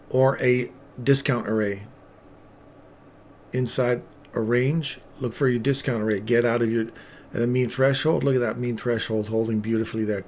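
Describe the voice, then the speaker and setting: A man hosts a live trading stream in a casual, upbeat voice at an ordinary pitch. He chats with viewers by name while he talks through the charts. A faint background hum sits under the recording. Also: a little mellow. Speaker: trading livestream host.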